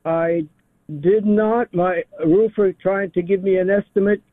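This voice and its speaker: Older male caller in his 70s, high voice, halting, heard over a tinny phone line. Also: fairly even intonation, no room sound. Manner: halting, many fillers. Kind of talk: call-in radio talk.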